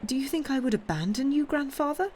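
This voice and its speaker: A woman's voice: sits high, animated, a little fast, a little mellow, slight background noise, voice pushed up. A woman reading aloud, voicing a tender young woman who pleads anxiously with her grandfather. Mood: pleading. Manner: pleading, breathless questions.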